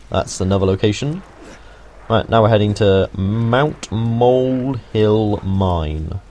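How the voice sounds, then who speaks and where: A slight hiss or hum sits behind this young British man's lowish, darkish voice. As a gaming video host, he offers relaxed, jokey walkthrough commentary that rambles off into asides, peppered with occasional swearing.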